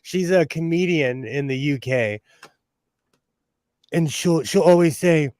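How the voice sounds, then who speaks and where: A man's voice: fairly high pitch, slow pace, long pauses, darkish tone, dry recording, studio quality. A middle-aged man hosting a casual sewing livestream from home, chatty and self-mocking, reading chat questions aloud.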